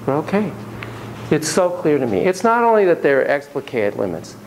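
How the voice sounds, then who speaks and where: A man's voice: a little high, normal speed, rough recording. A man lecturing a class on child psychology, his voice bouncing through a wide melodic range. He talks casually and cracks jokes, breaking into little acted-out examples as he goes. A faint hiss sits behind him. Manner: animated, jokey, acts out examples.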